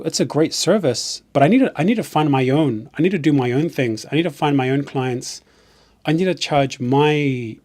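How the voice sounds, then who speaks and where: A man's voice: medium pitch, darkish tone. A man from New Zealand with a New Zealand accent, chatting casually on a live stream in a rambling way and often restarting his sentences.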